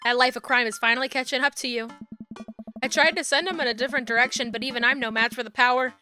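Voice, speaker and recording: Brief: high-voiced woman streamer, bright and laughing, reading a story game over soft music. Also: fairly even intonation, fast. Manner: laughs a lot, swears, reads dialogue aloud.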